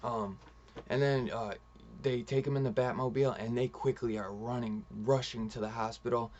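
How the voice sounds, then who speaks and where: A man's voice: mid-range voice, steady tone, moderate pace, darkish tone, dull audio. A man casually reviewing a comic book, rambling through the story and retelling it with lots of "he's like" quotes.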